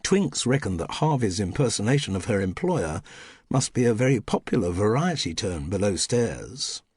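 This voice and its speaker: Male audiobook narrator, husky and dry, wry measured delivery with a lively pitch. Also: dry recording. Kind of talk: scripted narration.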